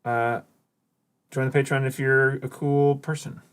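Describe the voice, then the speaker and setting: A man's voice: mid-range voice, little pitch movement, measured pace, a bit bright, clean tone. Male host, 30s, rambling and self-deprecating, laid-back stream chat. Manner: rambling, hesitant, self-deprecating, many fillers. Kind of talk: casual chat on a game stream.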